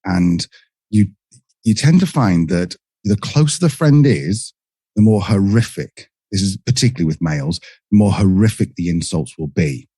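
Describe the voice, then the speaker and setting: A middle-aged British man with a low, dark, husky voice chats as a podcast guest. His pitch swings widely as he tells stories and acts out little quoted exchanges, and the dry recording keeps him close. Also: normal speed, dry recording. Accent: British English. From England. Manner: lively storyteller who acts out quoted exchanges. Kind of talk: casual conversational interview.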